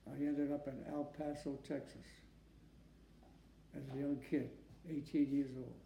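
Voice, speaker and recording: A man in his nineties from Massachusetts, a war veteran giving an oral history interview at home, who speaks haltingly, repeats words and often asks for questions again. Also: mid-range voice, level tone, vocal fry, warm tone, a little hiss or hum. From Massachusetts, USA. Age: 90s. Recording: echoey room.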